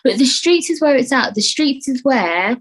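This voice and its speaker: Young woman, podcast host; husky, loose and animated, swears freely, hops between voices mid-thought. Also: sits high, moderate pace, poor audio. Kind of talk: casual solo podcast chat.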